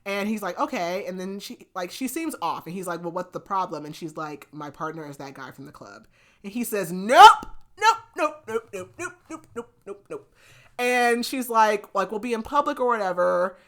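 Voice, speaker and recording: A woman's voice: medium pitch, brisk. A young woman casually recapping a romance novel for a podcast, chatty and full of fillers like "like". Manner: chatty, filler-heavy retelling with lots of "like". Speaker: book review podcast host.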